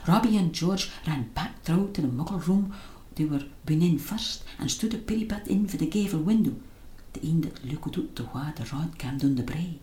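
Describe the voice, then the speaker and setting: A woman with a Scots accent reading a children's story in dialect, in a hushed, tense way. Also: low voice. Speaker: narrator. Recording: roomy echo.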